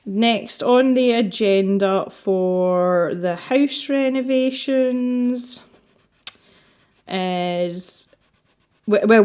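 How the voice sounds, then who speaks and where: A Scottish woman chats casually as she colours for her channel, wandering from topic to topic. She laughs easily and talks in a relaxed, rambling way, her voice sitting at an ordinary middle pitch. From Scotland. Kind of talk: casual chat while colouring.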